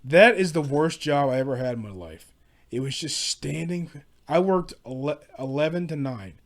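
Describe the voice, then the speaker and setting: A man's voice: on the high side, lively intonation, moderate pace. A man telling casual stories about past jobs, rambling and profane, with frequent restarts. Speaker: podcast host. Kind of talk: casual solo storytelling rant.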